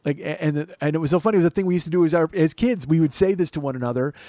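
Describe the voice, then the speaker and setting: A middle-aged man hosting a comedy podcast, rambling through a solo monologue with self-mocking asides and sudden bursts of loud mock-outrage. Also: fairly high pitch, racing, dry recording. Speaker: podcast host.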